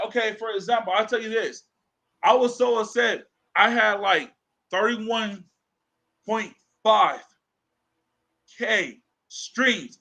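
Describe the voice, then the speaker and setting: A man's voice: sits high, bright, forceful tone, poor audio. A man co-hosting a podcast in casual chat, telling stories animatedly, acting out quoted dialogue and swearing freely. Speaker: podcast co-host.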